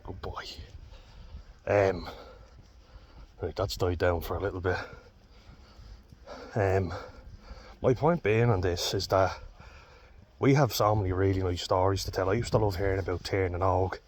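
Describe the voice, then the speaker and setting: Deep-voiced blunt Irish man. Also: moderate pace, pauses often, darkish tone, slight background noise. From Ireland. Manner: rambling, blunt, sweary, chuckles often. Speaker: vlogger. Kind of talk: casual vlog while walking a dog outdoors. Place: outdoors on a walk. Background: faint outdoor ambience, dogs barking.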